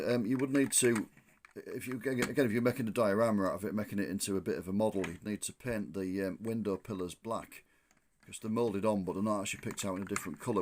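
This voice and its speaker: A man reviewing a model coach, thinking aloud with frequent ums and restarts, slightly hoarse from losing his voice. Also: fairly low pitch, a little hiss or hum. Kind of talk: casual hands-on product review.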